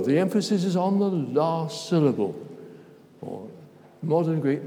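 A man's voice: on the high side, animated, normal speed, mellow. An older man giving an informal sermon, chatty and self-interrupting, putting questions to the congregation. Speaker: preacher. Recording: long reverb of a church hall.

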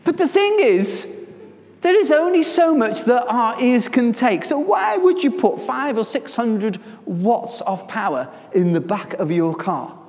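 Male preacher, unhurried delivery, swings from hush to loud emphasis, recorded in a hall with long reverb. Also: extremely high pitch, very animated. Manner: dramatic shifts between soft and loud delivery. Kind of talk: sermon.

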